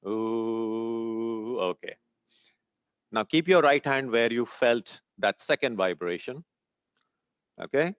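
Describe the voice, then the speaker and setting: A man guides a small group through a breathing and Om chanting exercise. He explains each step patiently and keeps checking in with the class. His voice has an average pitch and is recorded close and dry, with little room sound. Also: measured pace, no room sound. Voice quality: sweating, a little warm. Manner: calm, instructive, checks in often with "okay?". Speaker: meditation teacher.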